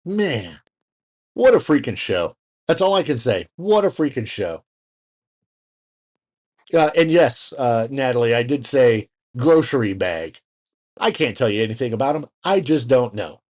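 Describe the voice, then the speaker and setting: A man's voice: mid-range voice, very animated, a little slow, long pauses, darkish tone. A man co-hosting a casual podcast, rambling through news with fillers, restarts and jokey asides. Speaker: podcast co-host. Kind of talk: casual chat.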